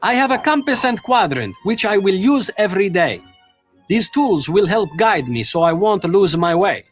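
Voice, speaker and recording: A man's voice: high voice, very animated, moderate pace, faint music behind. A man playing an eager adult explorer with a put-on Italian accent in a children's educational video. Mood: proud. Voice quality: exaggerated sing-song delivery.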